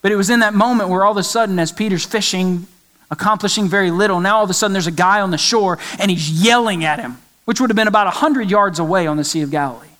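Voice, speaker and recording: A man with a high-set voice preaches a sermon. He speaks with emphatic conviction and drives points home by repeating them. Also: fast, fairly bright tone. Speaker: pastor.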